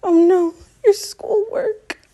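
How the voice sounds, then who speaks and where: A woman's voice: expressive, slow pace, mellow. A woman reading an audiobook, voicing a distraught middle-aged mother who keeps breaking into tears. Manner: tearful, high and trembling. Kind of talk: audiobook character voice.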